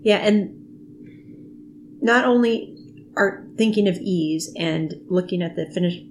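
A chatty woman co-hosts a relaxed podcast from her home. Her voice sits mid-pitch, and she chimes in often with agreement. Faint room ambience runs under her voice. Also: slow pace, slight background noise. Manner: chatty, with affirming interjections. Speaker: podcast co-host. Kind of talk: casual podcast chat. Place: at home with pets nearby.

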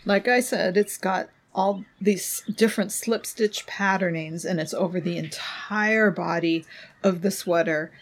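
A middle-aged woman co-hosting a podcast in casual chat, unhurried and thoughtful, often trailing off softly. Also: lowish voice. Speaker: podcast co-host.

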